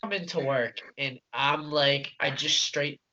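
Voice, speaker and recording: A young man co-hosting a casual podcast, laughing and animated while telling work stories. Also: medium pitch, measured pace. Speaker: podcast co-host. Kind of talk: casual storytelling chat. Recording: dull lo-fi podcast audio.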